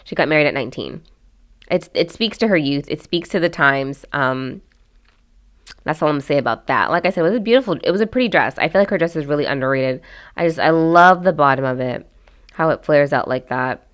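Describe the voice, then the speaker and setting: A woman's voice: low-pitched, animated, brisk. A woman hosting a casual commentary vlog, chatty and candid, with lots of fillers and restarts as she gives her opinions. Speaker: host.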